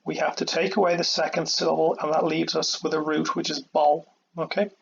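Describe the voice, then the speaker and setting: Patient teacher with a gravelly, flat voice. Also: male voice, a little high, a little fast, highs cut off, a little hiss or hum. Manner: patient, repeats "okay" and "all right" often. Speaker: Irish language teacher. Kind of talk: explaining a grammar lesson step by step.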